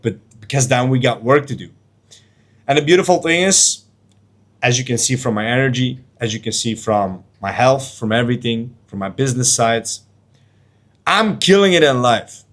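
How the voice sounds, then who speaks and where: A man coaching to camera in an intense, preachy motivational monologue, blunt, with casual slang and swearing. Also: medium pitch. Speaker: life and trading coach.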